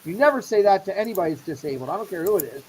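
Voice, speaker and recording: A man's voice: high voice, expressive, racing, low-quality recording. A middle-aged man hosting a casual show, animatedly acting out the people in his story. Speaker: show host.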